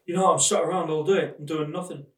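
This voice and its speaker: A man's voice: a little high, steady tone, quick pace, reverberant. A man co-hosting a comedy chat, playfully feeding his partner's jokes.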